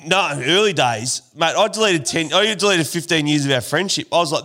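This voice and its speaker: Bright-voiced Australian bloke. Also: male voice, fairly high pitch, moderate pace, few pauses. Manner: cheeky banter, reading an email aloud. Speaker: podcast host. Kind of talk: casual podcast chat.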